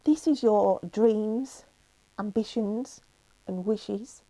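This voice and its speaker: A woman gives a tarot reading in a mid-range, dark-toned voice, speaking very slowly with long pauses and no echo. She addresses viewers emotionally and reassuringly, using many fillers and often checking in with "okay?"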